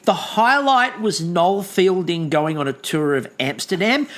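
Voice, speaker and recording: A man's voice: high voice, expressive, unhurried, a bit bright. A man co-hosting a podcast, recapping in casual chat with lots of ums and dry asides. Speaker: podcast co-host.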